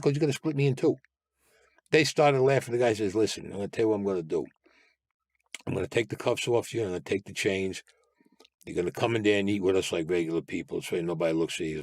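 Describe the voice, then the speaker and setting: Speaking on the low side, this older man with a New York Italian-American accent narrates his own life as a guest, cursing freely, talking bluntly, and voicing other characters in lively, dialogue-heavy storytelling. There's no echo, and the audio is studio quality.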